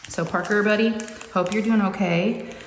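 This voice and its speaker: Here a woman speaks in a mid-range voice, keeping a steady tone at normal speed. She runs a crafting channel and is rambling casually to viewers, chatty, meandering, full of "y'all," in her closed-door craft room upstairs. Long reverb fills the echoey space, and there's faint noise underneath.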